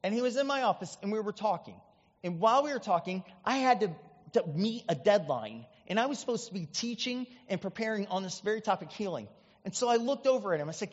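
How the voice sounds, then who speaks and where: A male pastor from the US Midwest preaches in a chatty, animated storytelling style full of asides. His voice is high. It echoes with a long church-hall reverb, and the recording is dull. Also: fast talker. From Indiana, US Midwest. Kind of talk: storytelling sermon.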